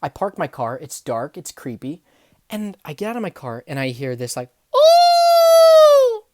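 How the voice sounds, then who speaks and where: A young woman telling funny workplace stories, acting out the people in them and swinging from hushed asides to loud outbursts. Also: very deep voice, normal speed, no room sound, studio quality. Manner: animated, acts out dialogue, swings from hushed to yelling. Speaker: storyteller. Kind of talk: comedic storytelling vlog.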